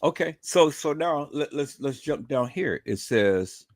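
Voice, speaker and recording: His voice sits on the high side, animated but unhurried, as he provides livestream commentary. The host swears a lot, repeats himself for emphasis, and constantly addresses his viewers.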